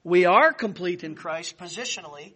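A man's voice: sits high, lively intonation, moderate pace, bright, forceful tone, breathy edge. A man preaching a Bible-study sermon, emphatic, with repeated phrases that build in force. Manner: emphatic, repeats key words, rises for stress. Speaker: pastor. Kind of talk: expository sermon.

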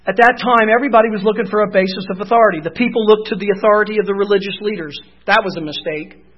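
A man preaching a sermon in a very high voice, pushing hard to shouted, emphatic peaks and then falling back to near-quiet asides. The recording is muffled and lo-fi. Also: fairly even intonation, very fast. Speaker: pastor.

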